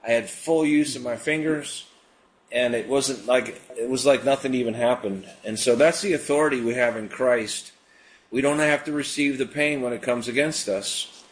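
A man's voice: mid-range voice, normal speed. A man hosting a live call-in radio ministry, praying for callers and talking casually with plenty of fillers. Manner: prays and preaches in a relaxed, conversational way with frequent fillers. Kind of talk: live call-in prayer show.

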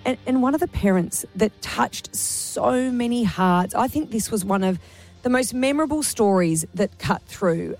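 A woman's voice: mid-range voice, a little mellow. An Australian woman hosting a radio show, talking earnestly and emotionally in run-on bursts. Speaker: radio host. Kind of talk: breakfast radio chat.

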